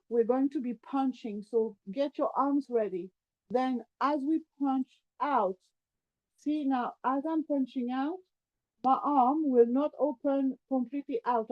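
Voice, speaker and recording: High-voiced woman guiding a yoga class. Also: highs cut off. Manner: calm, step-by-step guiding, demonstrating while talking. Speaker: yoga teacher. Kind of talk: guided yoga class instruction.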